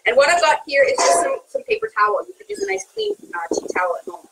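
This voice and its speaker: Bubbly woman chef, high and lively voice, chatty live cooking host. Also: quick pace, heavy background noise. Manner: chatty and bubbly, laughs often. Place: kitchen.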